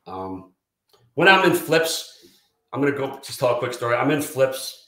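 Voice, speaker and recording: A man telling profane, animated stories from his firefighting career in a casual interview. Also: medium pitch, normal speed. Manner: profane, animated anecdotes with quoted dialogue. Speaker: retired fire lieutenant guest. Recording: roomy echo.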